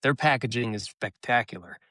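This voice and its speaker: A man co-hosting a casual podcast chat, talking in a relaxed, measured way with many fillers. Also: medium pitch, no echo, studio quality. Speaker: co-host.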